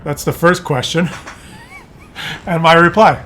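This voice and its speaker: A middle-aged man telling a family story in a casual vlog, animated and laughing often as he acts out voices. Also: a little high, unhurried. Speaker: content creator.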